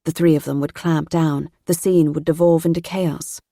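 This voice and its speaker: Reading an audiobook aloud, a woman keeps her storytelling even and measured. She speaks in a low register, captured at studio quality with no room sound.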